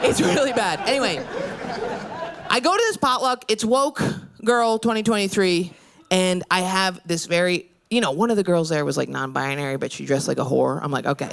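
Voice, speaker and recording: A young woman from upstate New York performing a brash stand-up comedy set on a club stage, jumping into loud, high shouted bits. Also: normal speed, creaky. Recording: live club recording with crowd noise. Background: audience laughter and applause.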